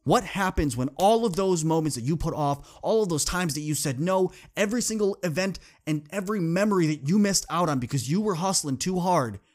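A young podcast host with a fairly high, darkish voice gives an earnest motivational monologue that builds into impassioned repetition.

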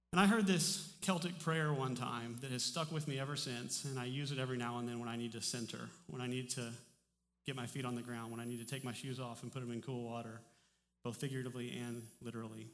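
A man preaching a sermon as pastor, in a relaxed, conversational way with frequent restarts, in a church sanctuary. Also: mid-range voice, fairly quick. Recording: long hall reverb.

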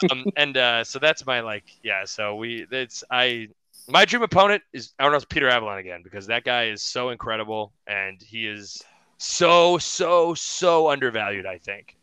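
A young man chats on a podcast, a wrestler telling a story with lots of restarts and laughs. His voice is bright and smooth, and it is recorded dry and close with no room sound. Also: mid-range voice, lively intonation, normal speed, no room sound. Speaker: podcast guest, pro wrestler. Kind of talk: casual podcast chat.

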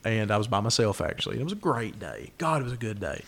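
A man's voice: on the low side, big pitch swings, fast talker, gravelly, a bit bright. A man from the co-hosting a podcast, telling a rambling story with swearing in casual chat. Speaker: podcast co-host.

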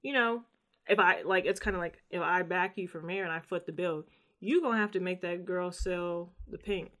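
A woman in casual chat, co-hosting a TV show recap and acting out quotes in a slangy, animated way. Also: lowish voice, normal speed. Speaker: podcast co-host recapping a TV show.

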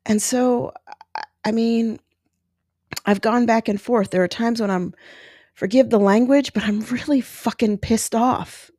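A woman's voice: fairly high pitch, unhurried, long pauses, dark tone, dry recording, studio quality. A woman in her forties hosting a podcast, speaking candidly and emotionally in a personal monologue. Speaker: podcast host.

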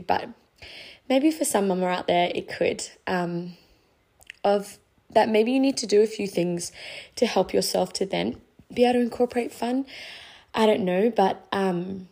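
A woman's voice: mid-range voice, vocal fry, a little mellow. A young adult woman hosting a casual faith podcast, earnest and encouraging, rambling a little and out of breath. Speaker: podcast host.

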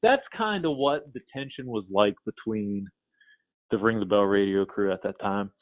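A man's voice: lowish voice, normal speed, no room sound. Male podcast co-host, rambling storyteller, dry dull lo-fi audio. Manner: rambling, repeats words while telling a story. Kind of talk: casual storytelling chat.

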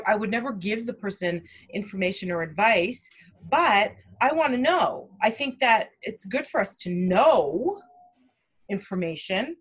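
A Canadian woman co-hosts a casual doula podcast, chatting in a lively, self-deprecating way. Her mid-range voice is bright and clear.

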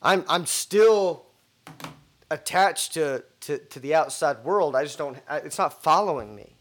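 A man's voice: fairly high pitch, animated, unhurried, a bit bright. A man co-hosting a casual podcast, talking bluntly, swearing freely and stumbling over repeated words as he starts sentences. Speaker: podcast co-host.

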